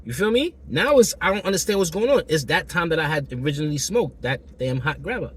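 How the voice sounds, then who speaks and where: A man with a hoarse, still-recovering throat tells a personal story to camera in a loose, slangy way, repeating himself and acting out the exchanges. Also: a little high, animated, fast talker. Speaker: vlogger telling a personal story.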